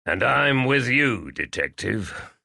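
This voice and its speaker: A man voicing a big, gruff middle-aged farmer who speaks bluntly and defiantly. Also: medium pitch, big pitch swings, slow pace, sharp tone, no echo, clean studio sound, voice pushed up, full character voice.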